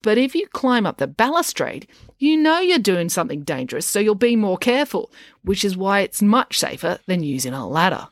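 A woman's voice: mid-range voice, big pitch swings, normal speed, no room sound, studio quality, pitched above the performer's own voice, natural voice. A woman voicing a grumpy, bossy old woman on crutches who snaps and scolds. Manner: snappish, scolding.

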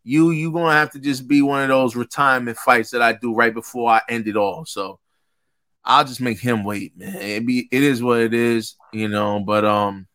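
A man's voice: mid-range voice, steady tone, moderate pace, a bit bright. A man co-hosting a live sports talk show, laying out his honest, laid-back take. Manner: candid, laid-back, reasoning. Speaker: co-host. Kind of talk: casual live-show chat.

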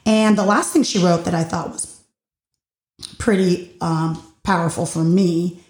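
A woman's voice: lowish voice, fairly even intonation, unhurried, darkish tone, echoey room. A woman hosting her own show, musing thoughtfully and a little hesitantly in a casual monologue. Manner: thoughtful, hesitant, with many fillers and restarts. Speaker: podcast host.

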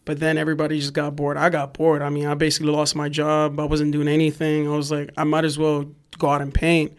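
A young man tells a wild story in casual chat. His voice sits a little high, and he talks animated and profane. He jumps into shouted bits to act out the people in it. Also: quick pace, smooth. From New York. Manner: animated, profane storytelling, acts out yelling cops. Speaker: podcast guest, graffiti writer.

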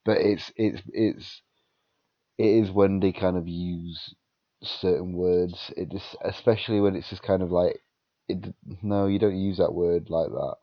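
Tired, sweary British man, deep voice. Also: steady tone, unhurried, dry recording, dull audio. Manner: rambling, sweary anecdotes with many restarts. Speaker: podcast co-host. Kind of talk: casual chat.

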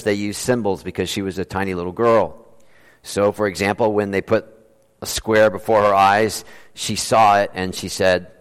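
A man's voice: fairly low pitch, clear, resonant tone. A man preaching a sermon as pastor in an earnest, conversational way. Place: church sanctuary. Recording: long reverb of a large church.

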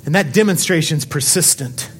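High-pitched, passionate male preacher. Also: moderate pace, soft background music. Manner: passionate preaching, swings from quiet to shouting; rhetorical questions to the congregation. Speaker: pastor. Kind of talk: sermon. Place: church sanctuary.

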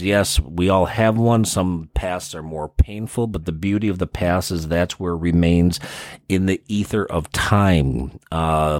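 A man with a Midwestern American accent talks through therapy concepts in a relaxed, conversational podcast monologue. His voice sits low, and the recording is dry and close, with no room sound. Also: no room sound. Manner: conversational, explains with everyday examples. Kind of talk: casual explanatory monologue.

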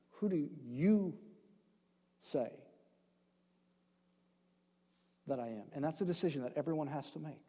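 Male pastor, sermon, high voice, long reverb, loud then hushed emphasis, joking asides. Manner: swings between loud emphasis and hushed, slowed phrases; conversational, with asides and playful jokes.

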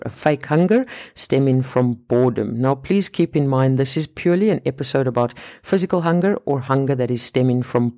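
A man's voice: medium pitch, darkish tone. A man hosting a solo podcast on fat loss, talking in a chatty way and often rephrasing and repeating his points.

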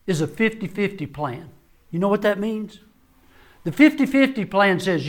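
An older man, a family doctor, giving a sermon-style talk to men, with folksy humorous stories and soft, low-voiced serious moments. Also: expressive, unhurried. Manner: folksy, humorous storytelling with dry asides. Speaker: family doctor and conference speaker.

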